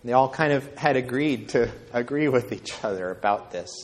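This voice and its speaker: A man's voice: medium pitch, lively intonation, fairly quick. A man preaching a sermon who reads from the Bible and talks conversationally, often checking in with the listeners by asking "right?". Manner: conversational, with frequent tag questions. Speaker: pastor.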